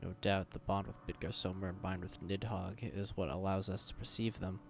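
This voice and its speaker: An actor playing a grim, wary male dragoon warrior in a game cutscene, speaking in a measured, brooding way. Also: low voice, level tone, gravelly, a little hiss or hum.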